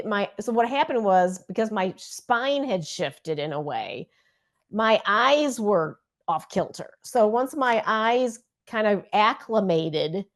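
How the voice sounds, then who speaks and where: A woman chatting on a video call, telling a story with lively acted-out quotes. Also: medium pitch. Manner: animated storytelling, acts out quotes loudly. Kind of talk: casual chat.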